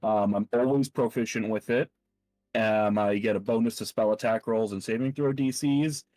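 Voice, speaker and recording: A man's voice: on the low side, normal speed, a little mellow, dry recording, faint music behind, low-quality recording. An easygoing man chatting as a player at a tabletop game, explaining his character's rules. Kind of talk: casual chat at a tabletop game.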